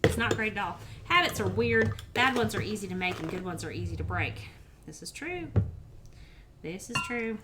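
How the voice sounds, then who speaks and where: A woman's voice: mid-range voice, lively intonation, normal speed, very noisy. A woman, chatting with viewers while she cooks in her home kitchen. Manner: chatty, talks to chat while cooking. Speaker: cooking streamer. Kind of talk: casual cooking livestream chat. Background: pots, pans and dishes clattering.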